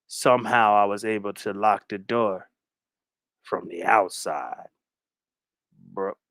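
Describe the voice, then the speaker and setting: A man doing a menacing stalker who drops his voice deep and drags each word out. He murmurs taunts in a slow, creeping hush. The sound is dry and close. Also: vocal fry, no echo, heavily acted. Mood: creepy.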